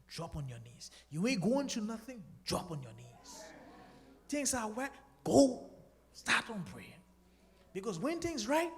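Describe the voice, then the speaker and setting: A man from the Bahamas, telling his testimony to a church congregation and urging them to pray. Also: high-pitched. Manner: animated, preachy exhortation to the congregation. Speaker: guest speaker giving a testimony. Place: church sanctuary. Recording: long church-hall reverb.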